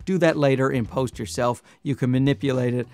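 A man with a nasal voice, chatting casually through a product review on a clip-on lapel mic, joking and sometimes getting loud. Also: mid-range voice, fairly even intonation, a little fast. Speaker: camera gear reviewer.

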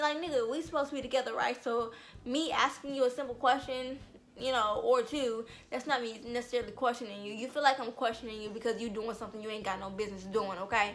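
Bright-voiced young woman, blunt storyteller. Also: on the high side, brisk, slight background noise. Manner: animated, blunt, heavy swearing. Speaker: vlogger. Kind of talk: storytime vlog.

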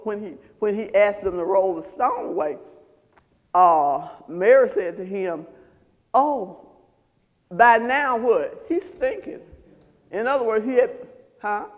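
A man's voice: high-pitched, a little slow, in a large hall. A man preaching a sermon as pastor, quizzing the congregation in call-and-response style.

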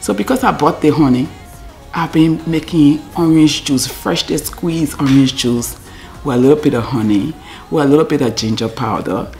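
A middle-aged woman with a Liberian English accent vlogs casually to her camera at home, her voice low, darkish, and at a normal speed. She rambles off-topic, talks to herself, and sometimes sinks to a near-whisper, with soft music playing in the background.

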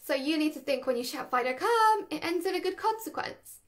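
A woman, a dog trainer, explaining dog training in a chatty, animated way and laughing between points. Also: sits high, fast. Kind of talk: casual instructional talk.

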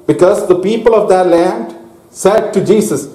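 A man preaching a sermon to a congregation, slow and deliberate, stopping to ask his listeners questions. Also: high-pitched, mellow. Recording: echoey hall.

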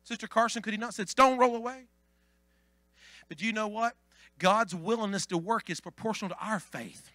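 A man preaching a Pentecostal sermon as pastor, swinging from hushed asides to shouted climaxes. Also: high voice, normal speed, no echo.

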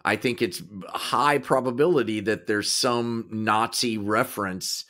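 A man's voice: fairly low pitch, a bit bright. A man in his fifties with a Kansas accent, co-hosting a casual podcast chat and often restarting his sentences. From Kansas, USA. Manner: halting, trailing off and restarting mid-thought. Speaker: podcast co-host, actor.

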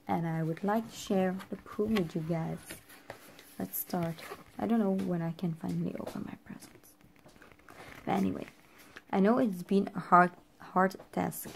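Chatty woman vlogger, lowish voice. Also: warm tone, a little hiss or hum. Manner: chatty, with many fillers like "like" and "um". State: teary and emotional. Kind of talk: casual vlog chat.

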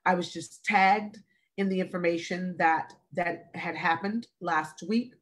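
Slow, earnest woman in her forties. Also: on the low side, fairly even intonation. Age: 40s. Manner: slow, emphatic, repeats phrases. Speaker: wellness speaker hosting a live stream. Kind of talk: earnest, deliberate talk. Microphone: video call or live stream.

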